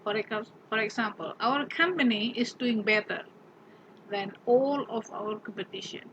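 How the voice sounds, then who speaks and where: A woman's voice: fairly high pitch, measured pace, fairly bright tone, muffled recording, a little hiss or hum. A woman teaching an English grammar lesson. She patiently repeats example words and keeps asking the class questions.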